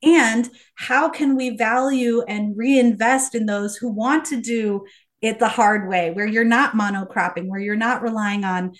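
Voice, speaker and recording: A woman's voice: a little high, measured pace. A woman speaking as a podcast guest, passionate and earnest, sometimes frustrated. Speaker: podcast guest, company founder. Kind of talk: casual conversation.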